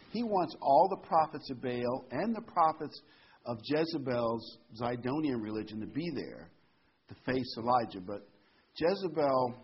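A man teaching a Bible study in a casual, storytelling way, jumping up in pitch when he quotes people. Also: a little hiss or hum. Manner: conversational, storytelling, jumps to a higher pitch for quoted voices. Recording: dull lo-fi sound.

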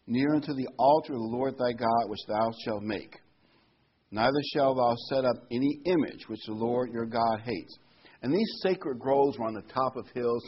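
A man's voice: mid-range voice, slightly rough, muffled recording. A man delivering a sermon, reading Bible verses aloud and then explaining them in plain everyday words. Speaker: preacher.

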